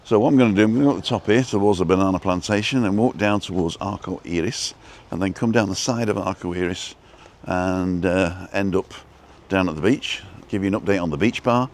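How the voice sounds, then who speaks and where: A man live-streaming as he walks outdoors by the coast, chatty and rambling, a little out of breath from walking briskly. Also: sits low, slight background noise. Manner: chatty, rambling, greets viewers by name. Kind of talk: casual walk-and-talk live stream.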